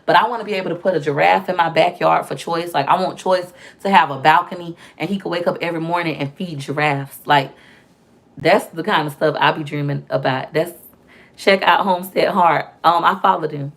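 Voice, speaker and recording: Chatty young woman with a gravelly voice. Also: sits low, a little fast. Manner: chatty, animated storytelling with slang and asides. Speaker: vlogger. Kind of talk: casual chat to camera.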